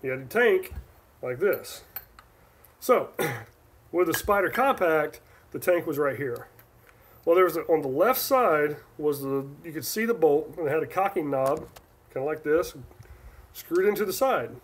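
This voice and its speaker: A man from Northern California hosts a relaxed livestream, reading out viewer questions and answering each in turn. His voice is a little high for a man, unhurried and breathy-edged, with frequent pauses as he rambles, trailing off and restarting sentences.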